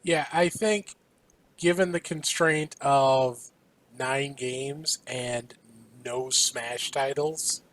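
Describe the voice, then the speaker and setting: A male podcast co-host who talks slowly and deliberately at a middle pitch. He pauses often and hedges with ums as he weighs his views. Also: fairly bright tone. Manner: measured, hesitant with ums. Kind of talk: casual podcast chat.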